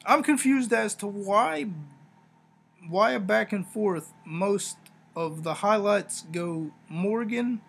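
A man hosting a wrestling review podcast, talking casually in a rambling, sarcastic way with animated asides. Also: high-pitched, slow, creaky, breathy edge. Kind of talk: casual solo review talk.

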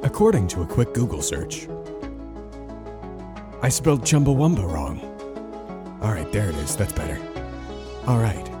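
Male co-host narrating mock-seriously, pitch swooping widely, clear music underneath. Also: moderate pace, long pauses. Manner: deadpan storytelling with swooping emphasis. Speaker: podcast co-host. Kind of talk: mock-solemn scripted narration.

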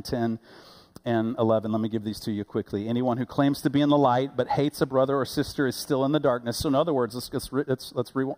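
A man pastor preaching a sermon, animated and rising loud on key points, with quick asides and self-corrections. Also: mid-range voice.

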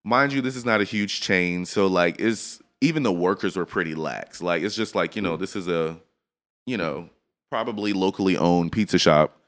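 A slightly tipsy man hosting a podcast, telling a story in a loose, animated way with lots of laughter and filler words. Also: low-pitched, moderate pace. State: a bit tipsy from drinking. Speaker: podcast host. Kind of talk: casual storytelling chat.

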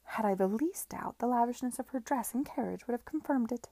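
A prim, knowing lady who savours society gossip, voiced by a woman reading a story. The voice is mellow and gravelly, dry and close. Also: a little high, a little fast, no echo, pitched above the performer's own voice.

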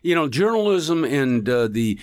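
An older man, a voice actor guest, telling stories in a loud, exaggerated, animated way. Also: measured pace, no room sound. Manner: animated, exaggerated storyteller with big pitch swings. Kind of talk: storytelling conversation.

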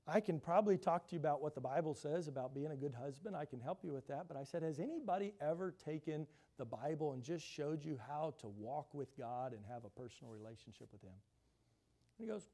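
Storytelling man preaching a sermon. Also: a little high. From grew up in a big city. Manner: storytelling, quoting others in shifting voices, drops to a hush. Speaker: pastor.

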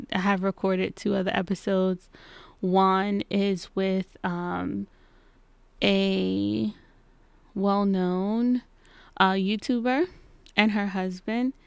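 A woman in her thirties hosting a casual solo podcast from her home basement, chatting and acting out little exchanges in lively voices. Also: medium pitch, creaky, clear, resonant tone, no echo. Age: 30s. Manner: chatty, acts out quoted exchanges in animated voices. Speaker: podcast host. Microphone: podcast microphone.

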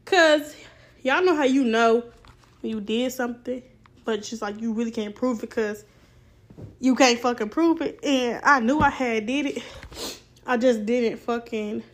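A woman's voice: fairly high pitch, unhurried, long pauses. A young woman hosting a podcast, telling a casual storytime monologue in a blunt, profane, rambling way. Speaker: podcast host.

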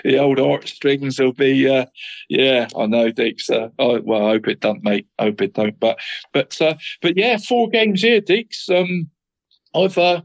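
A man's voice: medium pitch, lively intonation, measured pace, vocal fry, no room sound, rough recording. A man co-hosting a football podcast in casual chat, who keeps adding "mate" and often stumbles over his words.

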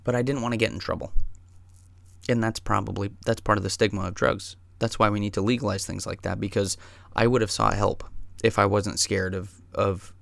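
A man telling a personal story in a casual, rambling way, swearing often and getting excited as he goes. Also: on the low side, fairly quick, gravelly, no echo.

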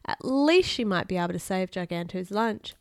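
Lady reading a kids' picture book for a podcast, smooth crisp voice, dry close sound. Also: medium pitch, lively intonation, normal speed, dry recording. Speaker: podcast host reading children's books.

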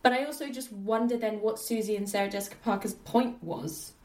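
A woman chatting casually about a film, animated and laughing often, acting out the characters' lines. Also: medium pitch, fairly quick, echoey room, a crowd in the background. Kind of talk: casual film review chat.

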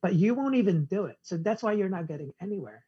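Fast and animated, a man's high-pitched, slightly rough voice carries a personal story as a podcast guest, though the audio sounds dull. It's a casual storytelling interview, and he acts out each side of the conversation in quoted dialogue.

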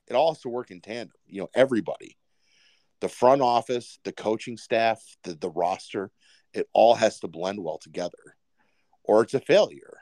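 A man's voice: lowish voice, normal speed, dark tone, dry recording. A man co-hosting a casual sports podcast, rambling with many fillers and restarts. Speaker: podcast co-host.

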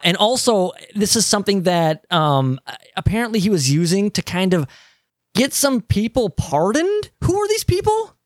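Lively man hosting a movie chat. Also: sits high, normal speed, no room sound, clean studio sound. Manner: animated, steers the talk, swears casually. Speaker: podcast host. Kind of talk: casual movie discussion.

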